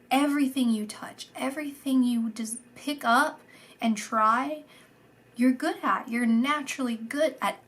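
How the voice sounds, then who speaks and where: A woman giving a channelled psychic reading, soft and meandering, repeating words and sometimes dropping into a whisper. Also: a little high. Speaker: psychic reader.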